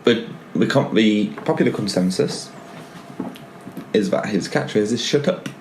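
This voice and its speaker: A man's voice: on the low side, a little slow, background noise. A man hosting a casual podcast chat, joking and laughing at his own lines. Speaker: podcast host.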